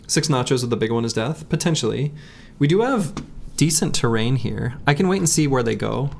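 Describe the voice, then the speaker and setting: A man's voice: medium pitch, big pitch swings, normal speed, gravelly, long pauses, darkish tone, a little hiss or hum. A man casually commenting on his game as he plays, thinking aloud and chatting with his viewers. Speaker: game streamer.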